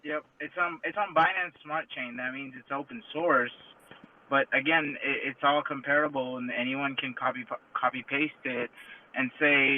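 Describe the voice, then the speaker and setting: A man in a casual debate in an online audio room, halting and lecturing, full of restarts. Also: medium pitch, steady tone. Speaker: crypto commentator in audio chat room. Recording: tinny phone line with faint noise.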